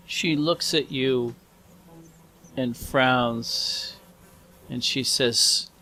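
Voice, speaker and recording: A man narrating as game master of a tabletop horror game, unhurried and descriptive. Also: medium pitch, pushed and bright, slight background noise, low-quality recording.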